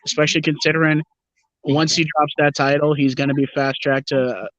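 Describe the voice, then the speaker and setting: Casting: chatty opinionated guy, slightly high voice, dry muffled call audio. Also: little pitch movement, fairly quick, fairly bright tone, no echo. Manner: rambling, opinionated, swears casually. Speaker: livestream co-host. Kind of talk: casual wrestling chat. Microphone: video call.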